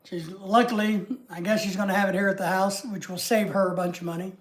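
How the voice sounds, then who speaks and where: A woman's voice: mid-range voice, steady tone, a little fast. A woman with a Southern US accent hosting a livestream, chatting casually with viewers in a rambling, homey way. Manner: rambling and homey, chatting easily with frequent asides. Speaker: livestream host.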